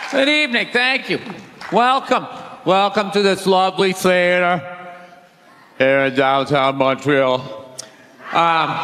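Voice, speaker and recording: A man opening a stand-up set on a theater stage, wry and unhurried. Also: sits high, bright, forceful tone, a little hiss or hum. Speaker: stand-up comedian. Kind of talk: stand-up monologue. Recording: live theater with long reverb and crowd.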